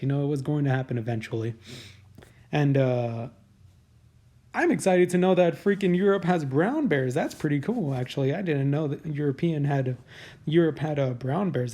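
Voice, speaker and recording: A man's voice: a little high, mellow. A man hosting a comedy news podcast, riffing on headlines in a casual, crude, sarcastic way. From United States. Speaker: podcast host.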